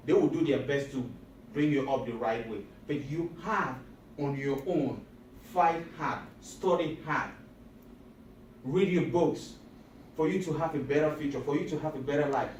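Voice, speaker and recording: A man speaking to high school students in a motivational talk. He is emphatic and repetitive and often asks the audience questions. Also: normal speed, darkish tone, slight background noise. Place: school auditorium or hall. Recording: echoey room recorded from a distance.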